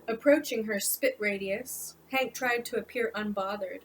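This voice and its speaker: A woman's voice: medium pitch, a little slow, hardly any pauses, a little hiss or hum, rough recording. A woman author narrating her own audiobook in an informal storytelling manner.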